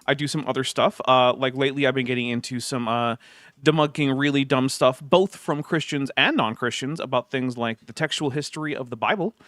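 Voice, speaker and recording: A man hosting a casual livestream chat, talking in a relaxed way with lots of uhs and restarts. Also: medium pitch, a little fast, no echo, clean studio sound. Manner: relaxed, filler-heavy talk with frequent uhs and restarts. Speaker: host.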